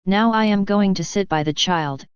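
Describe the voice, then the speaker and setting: A practical young peasant girl, poor but brave, talks, as a woman reads her in a smooth, very clear voice. The sound is dry and a touch dull. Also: mid-range voice, moderate pace, dry recording, natural voice. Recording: slightly dull, dry recording.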